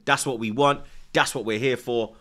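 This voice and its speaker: A man's voice: mid-range voice, steady tone, moderate pace, fairly bright tone. A young man hosting a football watchalong stream, reading out viewers' comments and peppering his chat with slang like "blood" and "you get me". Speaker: livestream host.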